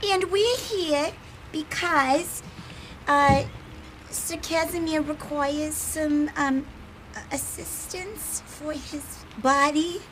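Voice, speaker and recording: A woman's voice: high voice, steady tone, very slow, a bit bright, a little hiss or hum, rough recording. A woman playing a tabletop game, speaking in character in a pleading, rambling way. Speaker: player.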